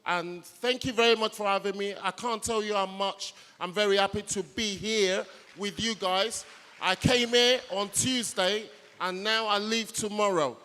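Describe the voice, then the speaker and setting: A man's voice: high voice, steady tone, unhurried, smooth. A man giving a short, eager thank-you speech as a guest exhibitor at a live event. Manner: eager, warm thanks, promoting his page. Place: conference hall. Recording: echoey hall from a distance.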